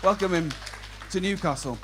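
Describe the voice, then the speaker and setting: Young man, compere at a tent gig, high voice, chatty crowd work, faint noise behind. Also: moderate pace. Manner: chatty, self-mocking, loud announcing. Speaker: comedy compere. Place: outdoor tent at a live gig.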